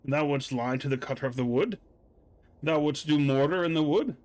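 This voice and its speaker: A man's voice: fairly high pitch, moderate pace, a little mellow, lightly acted. A man voicing a menacing woodcutter in a video game, speaking in archaic old-fashioned phrasing. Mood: threatening.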